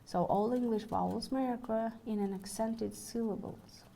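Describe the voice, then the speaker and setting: A woman giving a recorded university lecture. She reads from notes in a careful, measured way. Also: on the high side, gravelly, mellow, slight background noise.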